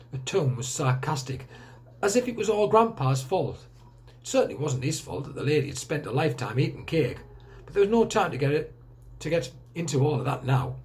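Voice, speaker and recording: A male teacher reading a children's book aloud with expressive storytelling. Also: mid-range voice, normal speed.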